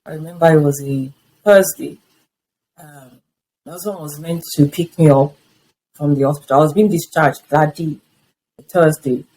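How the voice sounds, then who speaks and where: A woman in her fifties speaks as an interview guest, sharing a personal testimony. Her voice sits a little low and has a husky, breathy grain. She tells the story with animation and acts out what people said to her. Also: fairly even intonation, normal speed, pauses often, dark tone, rough recording. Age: 50s.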